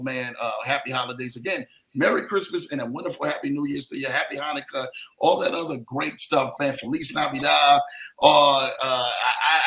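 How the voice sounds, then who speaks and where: A man's voice: medium pitch, vocal fry, sharp tone, rough recording. A man hosting a show, wrapping up in a hyped casual chat and saying "man" all the time. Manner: hyped, repeats "man" constantly, laughing. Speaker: podcast host.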